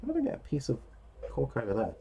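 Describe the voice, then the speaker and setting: A man's voice: medium pitch, huge pitch swings, quick pace, creaky, lo-fi sound. A man talks his way through a crafting session, rambling and cracking jokes at his own expense. His voice swoops up and down a lot as he mutters and curses. A faint hiss sits under the desk mic. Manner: rambling, jokey, swears and mutters to himself. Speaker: miniature painting hobbyist. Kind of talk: casual running commentary while crafting.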